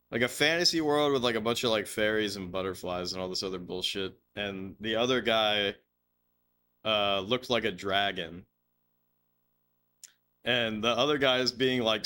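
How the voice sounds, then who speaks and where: A man's voice: lowish voice, bright, forceful tone, clear, resonant tone. A man streaming a game live, chatting loosely, swearing and laughing as he rambles through stories. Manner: rambling, laughing, swearing, slips into silly put-on voices. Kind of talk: casual live-stream chat over gameplay.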